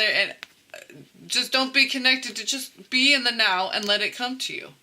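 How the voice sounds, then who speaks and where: A woman's voice: a little high, moderate pace, sharp tone. A woman giving a casual, chatty spiritual tarot reading straight to her viewers, laughing often and swearing freely. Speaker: tarot reader.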